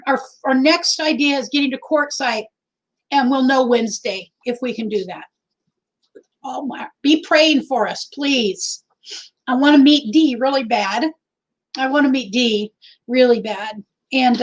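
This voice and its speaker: A woman's voice: high-pitched, low-quality recording. A middle-aged woman hosting a casual livestream. She speaks in a heartfelt, rambling way and often repeats herself. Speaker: livestream host. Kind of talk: casual livestream chat with viewers.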